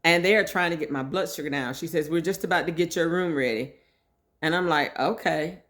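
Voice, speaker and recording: A middle-aged woman telling a personal story in a casual, lively way, acting out the voices of the people she quotes. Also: low-pitched, a little fast. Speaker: vlogger sharing her story.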